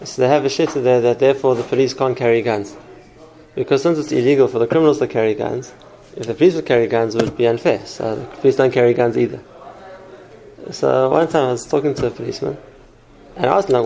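A man's voice: medium pitch, fast talker, warm tone, rough recording. A man teaching a class on parenting, explaining through stories and examples and answering questions.

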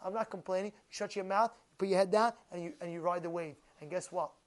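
A man's voice: high-pitched, brisk. A man preaching as a rabbi in an emphatic, repetitive manner full of rhetorical questions. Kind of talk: sermon.

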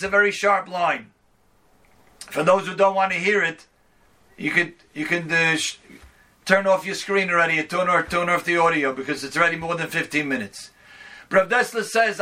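A man's voice: sits high, pushed and bright. A man teaching a Torah class as a rabbi, speaking emphatically. He quotes a verse in the original and then explains it in his own words. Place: online class.

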